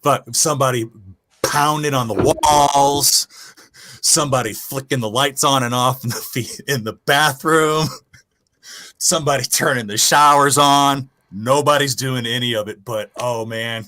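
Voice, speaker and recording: A man casually telling a profane, animated ghost story from his Navy days. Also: medium pitch, unhurried. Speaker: guest storyteller.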